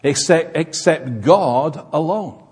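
A man voicing a calm male teacher who asks a probing question, in a sermon recorded in a reverberant hall. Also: a little high, slow pace, slightly rough, exaggerated voice.

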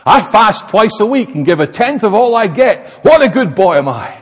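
A man's voice: high voice, very animated, normal speed, slightly rough, pitched above the performer's own voice, exaggerated voice. A man voicing a smug, self-righteous Pharisee who boasts in prayer, in a sermon recorded in an echoey hall. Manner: boastful, mocking.

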